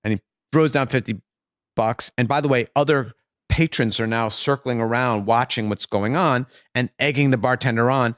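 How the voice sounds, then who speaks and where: Man, casual joke telling, halting restarts, mid pitch, dry room. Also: fairly bright tone, dry recording. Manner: halting, many fillers and restarts.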